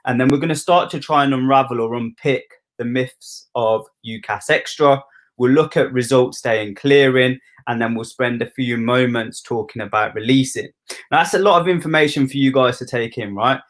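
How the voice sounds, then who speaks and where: A man's voice: medium pitch, moderate pace. A man with a Birmingham accent hosting a university live stream, chatty and jokey. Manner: jokey, informal. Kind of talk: casual chatty presenting.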